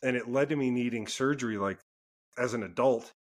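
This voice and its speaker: A man co-hosting a podcast, telling childhood stories in a casual, animated way, laughing and swearing freely. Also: mid-range voice, a little fast. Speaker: podcast co-host. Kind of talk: casual chat, storytelling.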